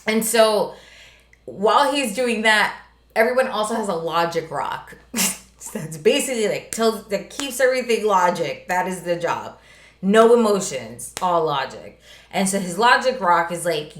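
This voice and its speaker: A woman co-hosting a podcast, telling stories in a lively, casual way with lots of fillers and some swearing. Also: mid-range voice, a little slow. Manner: animated storyteller, swearing, many "like" fillers. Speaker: podcast co-host. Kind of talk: casual chat. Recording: roomy echo.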